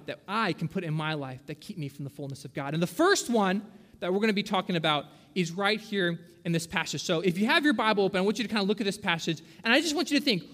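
A man's voice: high-pitched, fairly bright tone. A young man preaching a sermon, chatty and conversational, often checking in with "right?". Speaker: pastor. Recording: long hall reverb.

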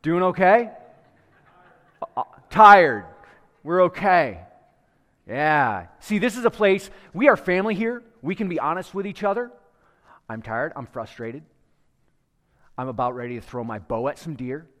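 A man's voice: a little high, lively intonation, unhurried, long pauses, fairly bright tone, long reverb tail. A male pastor preaching to a live congregation in a church, praying, telling a story and asking the people questions in a conversational way. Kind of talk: sermon with prayer and storytelling.

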